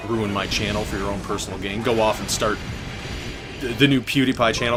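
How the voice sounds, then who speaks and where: A man's voice: fairly low pitch, brisk. Joking young man over game music. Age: 20s. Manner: joking, rambling, deadpan absurd asides. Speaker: gaming channel host. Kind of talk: casual gameplay commentary. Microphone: desk mic with button clicks heard.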